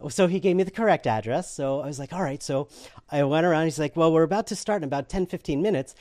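A man telling a personal story in casual conversation, animated and laughing often as he acts out what other people said. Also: a little high, fast, dry recording, studio quality.

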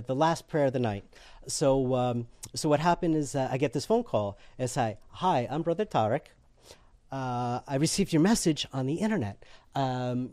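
A man telling a personal story in casual conversation, animated and laughing often as he acts out what other people said. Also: on the high side, no echo.

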